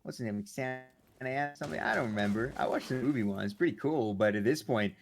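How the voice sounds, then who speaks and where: A man calling an esports match play-by-play, excitable and joking around between the action. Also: mid-range voice, fast, gravelly. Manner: excitable, jokey banter between calls. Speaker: esports caster.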